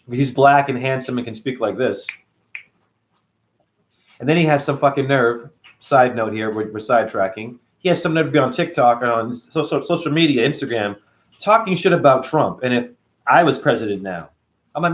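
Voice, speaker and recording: Ranting, profane middle-aged man, lively pitch. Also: normal speed. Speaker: spiritual livestream host. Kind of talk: livestream rant answering chat.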